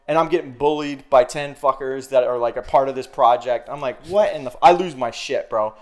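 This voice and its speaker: A man's voice: a little high, quick pace. A man telling a story in casual podcast chat, swearing freely and acting out quoted dialogue. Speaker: podcast guest.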